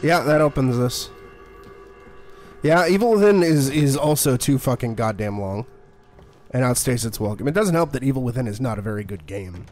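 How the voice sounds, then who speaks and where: A man's voice: mid-range voice, animated, normal speed, darkish tone, faint music behind. A man streaming a horror game in casual commentary, blunt and profane, often muttering to himself.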